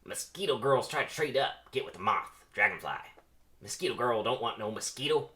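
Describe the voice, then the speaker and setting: A man's voice: medium pitch, expressive, moderate pace, bright, forceful tone. A man doing a brash, swaggering mosquito. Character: loud brash male mosquito, streetwise loner.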